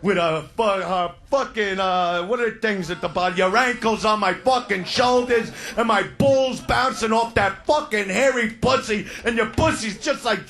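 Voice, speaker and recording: A man doing crude, loud stand-up comedy, shouting his punchlines. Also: very high voice, vocal fry. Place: comedy stage before a live audience.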